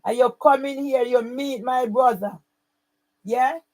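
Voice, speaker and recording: A woman's voice: sits high, unhurried, a little mellow, poor audio. A woman, running her own channel, speaking straight to camera in an angry, accusing and repetitive way. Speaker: channel owner. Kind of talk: angry direct-to-camera rant.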